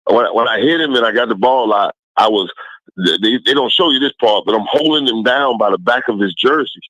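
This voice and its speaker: A middle-aged man, a former football player, telling lively stories as a guest, laughing often and talking colloquially. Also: medium pitch, a little fast, no echo, lo-fi sound. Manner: animated, laughing storyteller with colloquial speech. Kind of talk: casual storytelling.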